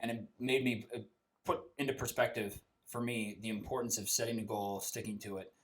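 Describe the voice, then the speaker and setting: A man speaking as a guest on a casual podcast, relaxed and rambling, seated on a couch at a podcast microphone. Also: on the low side, brisk. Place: living room couch.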